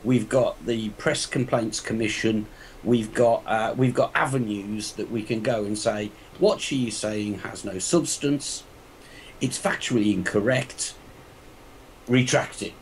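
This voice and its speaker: A man's voice: fairly low pitch, a little slow, slight background noise, poor audio. Blunt, indignant man ranting. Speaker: panel guest. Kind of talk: live online panel chat.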